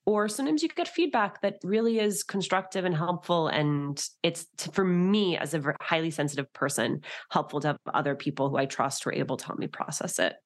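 A woman with a notably low voice talks in a relaxed, conversational way. She is animated and slips into lively, jumpy tones whenever she quotes herself or other people. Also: a little fast, hardly any pauses. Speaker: guest, author and TV host. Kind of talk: casual conversation.

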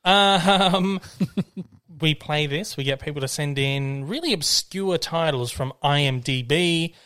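A man with an Australian accent hosting a casual podcast from his dining room, chatty and quick to laugh. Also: a little high, bright, forceful tone, smooth. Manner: chatty, laughs easily, reads listener emails aloud. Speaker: podcast host.

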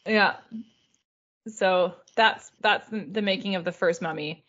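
A woman's voice: fairly low pitch, measured pace, a bit bright, highs cut off. A woman hosting a podcast, recapping in a chatty, casual way with lots of filler words and some swearing. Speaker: podcast host.

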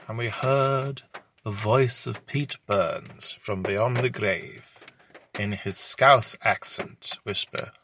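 Slow deadpan British-style male storyteller. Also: lowish voice, slight background noise. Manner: deadpan, crude and rambling. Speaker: storyteller host. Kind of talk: improvised comic narration.

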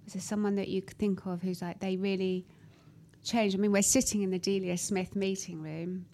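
A woman's voice: mid-range voice, flat delivery, normal speed, mellow. A woman with a mid-range voice hosts an interview. She asks her questions with open, effusive admiration. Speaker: interview host. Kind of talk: casual interview chat.

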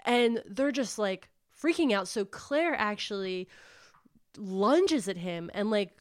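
A woman's voice: mid-range voice, slow. A woman hosting a book club podcast, casually retelling a novel's plot and acting out the characters' lines. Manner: animated storyteller acting out quotes, says "like" often.

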